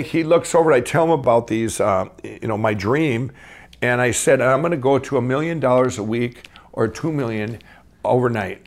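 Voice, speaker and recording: A man with a gravelly, rough-edged voice tells his own story in loose, eager, rambling fashion. He jumps into the quoted dialogue as he goes, and his pitch sits in the ordinary middle range for a man. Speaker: inventor and company founder telling his life story. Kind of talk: casual first-person storytelling.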